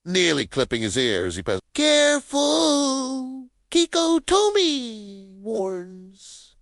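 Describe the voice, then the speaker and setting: A woman narrating a cartoon story in an expressive storybook manner. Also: fairly low pitch, takes it slowly, no room sound. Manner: expressive, animated.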